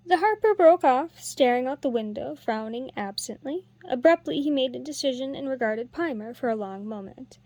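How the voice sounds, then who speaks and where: A woman reading a novel aloud in a steady storytelling narration. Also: high voice, normal speed, few pauses, dry recording. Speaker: audiobook reader. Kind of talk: scripted narration.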